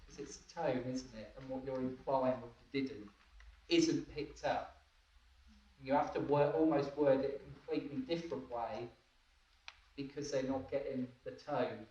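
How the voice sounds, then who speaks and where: A man's voice: mid-range voice, unhurried, a little mellow, a little hiss or hum. Man training a group in an echoey room. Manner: keeps asking listeners if they follow, laughs often. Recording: echoey room, distant dull mic.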